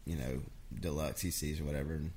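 This man has a very deep voice and talks fast, with a little hiss or hum in the recording. As a songwriter guest, he tells casual stories with animation, voicing what others said.

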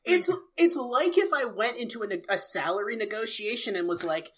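A woman's voice: a little high, a little fast, few pauses. A young woman co-hosting a podcast, chatting casually and acting out characters as she recaps a TV episode. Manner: animated, laughing, acts out characters. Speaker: podcast co-host.

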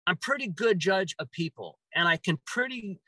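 A man telling a personal story in a casual, animated way, swearing often and acting out his own reactions. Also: high voice, normal speed, dry recording, poor audio.

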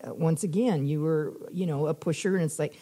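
Low-voiced older woman reminiscing. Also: a little fast. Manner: rambling, reminiscing, with frequent fillers and soft laughs. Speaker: interviewee, mother of the host. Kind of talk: casual conversation.

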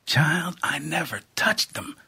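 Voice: mid-range voice, lively intonation, slow pace, gravelly, sharp tone, breathy edge, voice pushed up, exaggerated voice. A reader voicing a shrewd, plainspoken rural aunt who talks in folksy speech with double negatives, in a storybook reading. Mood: hushed. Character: plainspoken rural aunt, middle-aged woman, warm and shrewd.

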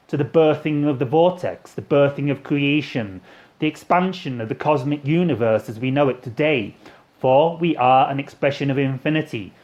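A grandiose alien messenger , voiced by a man channeling it, intones in a strange put-on foreign-sounding accent, tripping over words. The voice sits a little high for a man, and the phrases circle and repeat like an incantation. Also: a little mellow, close to an everyday voice. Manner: rambling, repetitive cosmic incantation. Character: solemn alien messenger Tahini, male, grandiose. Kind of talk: channeling session.

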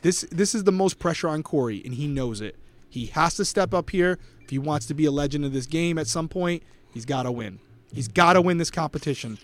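Excitable young man calling play-by-play. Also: fairly high pitch, fairly quick, dry recording. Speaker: podcast co-host. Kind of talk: live watch-along commentary.

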